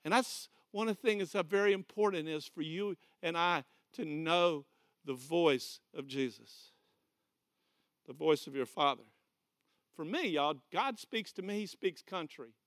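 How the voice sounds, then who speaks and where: A man's voice: fairly high pitch, measured pace, fairly bright tone. A man with a Southern American accent preaching a folksy, conversational sermon in a church hall. He repeats key phrases and directs volunteers. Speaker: pastor. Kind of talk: folksy sermon with a live demonstration.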